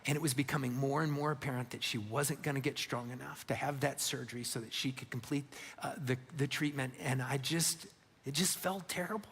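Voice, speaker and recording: A man's voice: medium pitch, a little hiss or hum. A middle-aged man preaching a sermon, telling a personal story in an earnest way that swells with feeling. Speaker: pastor. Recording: long hall reverb.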